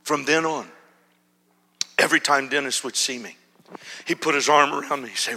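A male pastor telling a story in a sermon, animated, acting out shouts and whispers. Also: on the high side, normal speed, pauses often. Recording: long hall reverb.

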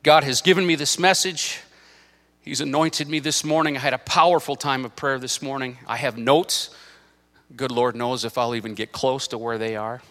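A middle-aged male pastor preaching a sermon in church, animated, swinging between loud bursts and quiet asides, with joking side remarks. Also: medium pitch, normal speed, long reverb tail. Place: church sanctuary.

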